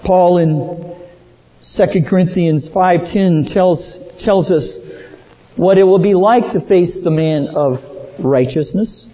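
A man preaching a sermon slowly and dramatically, rising to emphatic peaks and dropping low at the ends of phrases. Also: mellow. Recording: dull lo-fi sound with long hall reverb.

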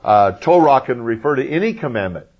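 A man's voice: mid-range voice, very animated, fairly quick, breathy edge. A man preaching a Bible lesson, emphatic, with folksy asides to his listeners. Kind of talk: Bible teaching. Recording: muffled lo-fi recording.

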